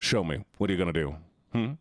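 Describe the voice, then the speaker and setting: Man, casual streamer chat, goofy and playful, lively swooping pitch, dry close sound. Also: fast, no echo.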